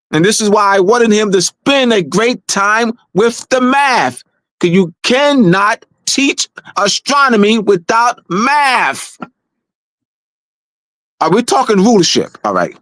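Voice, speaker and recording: A man's voice: high-pitched, fairly bright tone, dry recording. A man giving an emphatic lecture-style talk, hammering points home with repetition and restarts. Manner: insistent, repeats key points, frequent restarts. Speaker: presenter of a weekly talk show.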